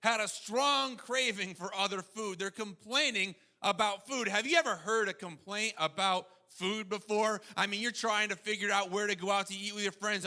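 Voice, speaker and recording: A male pastor delivering a sermon with animated energy, now and then putting on mocking voices to quote his subjects. His voice sits very high and sounds sharp and bright. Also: normal speed, hardly any pauses.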